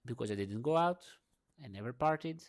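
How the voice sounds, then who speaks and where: A young man ranting through a morning monologue in his second language. He swears freely and swings between loud outbursts and low murmurs. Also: lively intonation, a little fast. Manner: speaks English as a second language. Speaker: vlogger.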